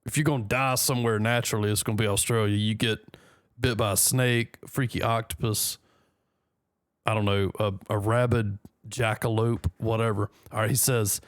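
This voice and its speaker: A man's voice: on the low side, fairly even intonation, no echo, studio quality. A man from the United States reading a news story aloud and joking between lines in casual commentary. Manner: reads aloud haltingly, joking asides. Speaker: news reaction host.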